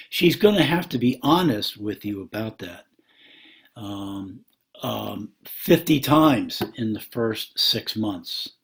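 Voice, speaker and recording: A man giving Christian marriage advice to camera, earnest and slow, with many pauses and fillers, stressing points by repeating words. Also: mid-range voice, darkish tone.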